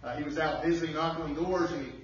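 A man's voice: on the high side, fairly even intonation, quick pace, a little hiss or hum. A man preaching an emphatic sermon as pastor, firing off rhetorical questions to the congregation. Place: church sanctuary. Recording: distant, muffled, very echoey room.

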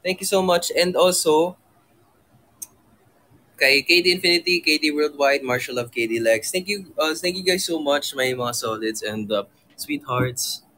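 A man's voice: a little high, moderate pace, pushed and bright, poor audio. A man co-hosting a livestream, chatting casually and mixing in Tagalog words as he thanks viewers. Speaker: livestream co-host.

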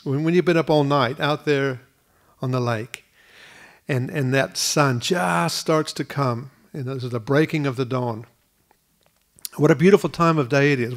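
Male pastor, middle pitch, earnest sermon delivery with frequent restarts. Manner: earnest, repeats words at restarts. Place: school hall used for church.

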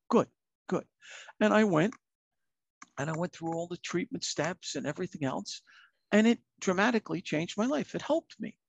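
A man's voice: a little high, creaky, no echo. A middle-aged man, a retired fire captain telling his own story in a candid, earnest, plain-spoken way.

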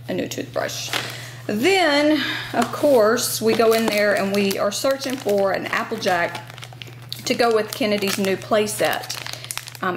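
A woman's voice: mid-range voice, background noise. A woman in her thirties from the Southern United States with a Southern US accent, chatting casually to the camera at home as a mom vlogger, rambling with lots of ums and asides.

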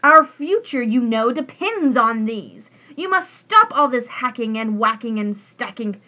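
A woman's voice: a little high, lively intonation, measured pace, dull audio. A woman reading a storybook aloud and voicing an angry male tree-guardian creature who speaks with a whisky wheeze. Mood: raving. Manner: loud, ranting.

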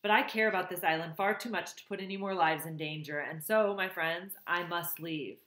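Storybook robot mother, steady and resolute, a woman reader playing her, echoey room. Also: fairly low pitch, moderate pace, close to an everyday voice. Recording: roomy echo.

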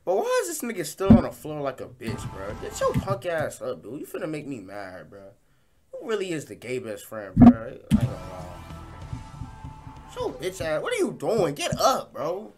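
A man hosting a reaction video, giving loud, incredulous, slang-heavy commentary and repeating "bro". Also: a little high, huge pitch swings, normal speed, loud music behind the voice. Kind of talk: profane comic reaction commentary.

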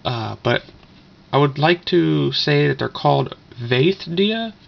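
A man's voice: medium pitch, unhurried, creaky. A man casually talking through an unboxing in a rambling, offhand way with lots of fillers. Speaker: vlogger doing an unboxing. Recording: dull lo-fi camera audio with noise.

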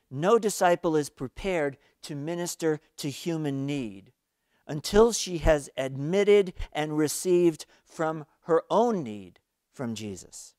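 A male pastor preaching an earnest, storytelling sermon for an online worship service, rising in emphasis and then dropping to quiet. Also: a little high, clean tone, no room sound, clean studio sound.

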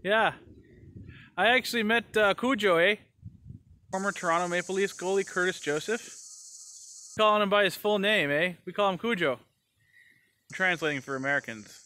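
A man performing a comedy sketch, trading quick back-and-forth lines and tagging them with "eh". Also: high-pitched, pushed and bright. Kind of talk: comedy sketch, playing several people in turn.

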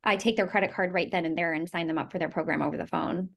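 Friendly fast-talking woman on a sales call. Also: lowish voice, steady tone, vocal fry, fairly bright tone. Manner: open, friendly and agreeable. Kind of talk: phone sales call conversation.

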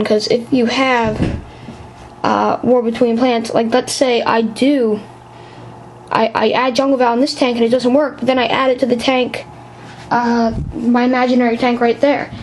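A woman's voice: fairly high pitch, darkish tone, a little hiss or hum, poor audio. A woman giving a casual vlog explainer on an aquarium hobby topic, rambling and hesitant, with lots of restarts.

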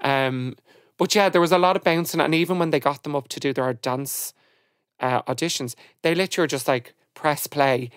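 Woman, podcast host, casual chat, animated storytelling, dry sound. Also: sits low, a little fast, dry recording.

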